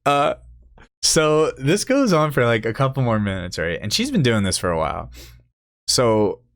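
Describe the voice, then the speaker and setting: A young man hosting a podcast, telling a crude, profane story in casual chat and jumping into high-pitched quoted voices. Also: big pitch swings, moderate pace, no room sound, studio quality. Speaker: podcast host.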